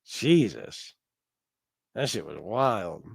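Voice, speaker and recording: A man's voice: on the low side, sing-song, extremely slow, creaky, husky. Crude, laughing livestream host man. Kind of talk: casual livestream chat.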